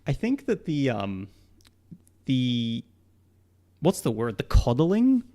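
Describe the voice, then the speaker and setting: A man's voice: medium pitch, sing-song, slow pace, warm tone. A young man with a mixed Australian and British accent, a psychologist answering questions on a casual live stream, rambling with lots of fillers and laughing often.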